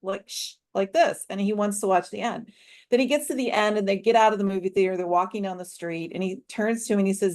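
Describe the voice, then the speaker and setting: A woman coach chatting in a relaxed online roundtable. She tells stories with animated energy and acts out the lines of the people in them, in a voice of middle pitch. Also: fast. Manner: animated storyteller, acts out dialogue. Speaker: coach and discussion host. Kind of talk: casual roundtable discussion.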